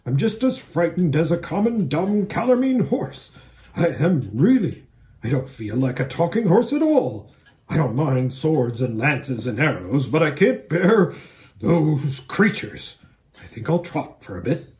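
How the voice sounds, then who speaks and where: A man's voice: on the high side, big pitch swings, unhurried, darkish tone. A man voicing a proud, anxious male talking warhorse in a storybook reading, earnest and worried in tone. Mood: ashamed.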